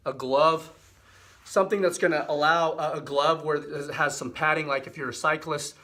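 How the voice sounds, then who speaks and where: Middle-aged male health host, slightly raised pitch, easygoing instructional delivery. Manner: relaxed, repetitive explanations with fillers. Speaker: physical therapy host. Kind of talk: casual instructional demonstration.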